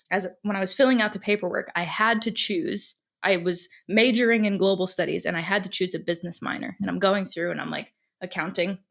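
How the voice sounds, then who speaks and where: A woman's voice: medium pitch, gravelly, fairly bright tone. A woman hosting a podcast interview, enthusiastic and encouraging, laughing along with her guest. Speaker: podcast host. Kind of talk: casual interview chat.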